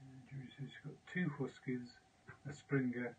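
A man co-hosting a live painting stream in a relaxed way, reading viewer comments aloud. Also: medium pitch, slow, recorded from a distance. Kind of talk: casual live stream chat. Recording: dull audio with faint background noise.

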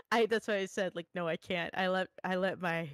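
A woman's voice: on the low side, clean tone, dry recording. A woman in casual chat with friends, rambling with laughs and casual swearing. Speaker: artist streamer chatting with friends.

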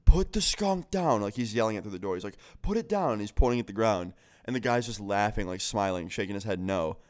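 Animated, swearing young man with a smooth voice. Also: lowish voice. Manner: animated, heavy swearing, lots of "like". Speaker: vlogger. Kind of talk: storytime vlog.

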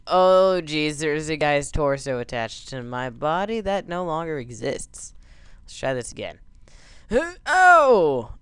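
A man's voice: a little high, big pitch swings, slow, a bit bright, clean tone, dry recording. A man doing goofy gameplay commentary, yelping and joking whenever his character crashes. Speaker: let's play gamer.

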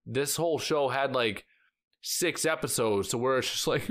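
A man's voice: medium pitch, normal speed, a bit bright. Rambling man reacting to a show. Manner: rambling, heavy use of filler "like"; emotional, sighing and exclaiming. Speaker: reaction channel host. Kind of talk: casual reaction vlog chat.

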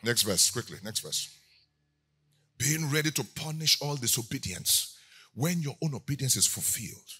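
A man preaching a sermon as pastor, moving between quiet teaching and loud shouted declarations. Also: medium pitch, lively intonation, normal speed, husky.

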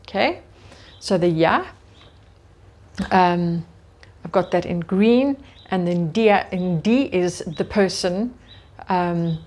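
A woman teacher leading a slow vocabulary drill, saying each word carefully and then giving its meaning. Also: on the low side, darkish tone. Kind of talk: slow, deliberate vocabulary lesson.

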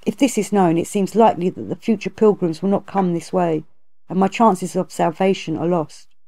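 Guilty river monster confessing, lady reading it, low mellow voice. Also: steady tone, moderate pace, gravelly. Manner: confessing, earnest. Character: remorseful male river monster.

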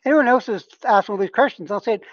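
A woman's voice: mid-range voice, fast talker, dry recording, dull audio. A woman who trains healers, leading an online discussion group in a casual, earnest teaching tone and often checking in with her listeners.

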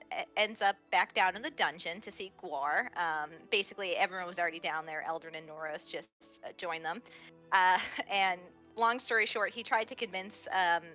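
Female player with a bright, forceful voice, casual filler-laden recap, music faint behind. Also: mid-range voice. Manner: chatty, with frequent fillers and laughs.

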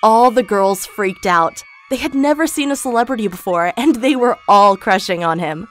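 A woman's voice: medium pitch, expressive, moderate pace, a bit bright, faint music behind. A woman narrating a first-person storytime in a gleeful, gossipy way.

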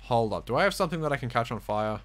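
A man giving rambling, goofy gameplay commentary, baby-talking to the game's wolf and swinging from soft mumbles to loud excited outbursts. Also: medium pitch, very fast. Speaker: gameplay streamer.

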